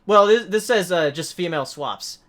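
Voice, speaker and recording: A man's voice: high-pitched, expressive, moderate pace, a bit bright. A man co-hosting a casual podcast, reading viewer messages in an easygoing way. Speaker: podcast co-host reading super chats. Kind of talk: casual chat.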